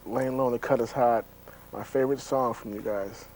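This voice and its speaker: A man's voice: medium pitch, steady tone, brisk, a little mellow, a little hiss or hum, rough recording. A man interviewing a musician, speaking casually with enthusiastic, effusive praise.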